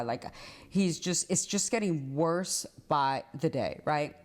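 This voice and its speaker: A woman, a trial lawyer, telling a personal story in a casual, conversational monologue. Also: slow. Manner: animated, acts out dialogue with big pitch swings; conversational, many fillers like "like" and "right".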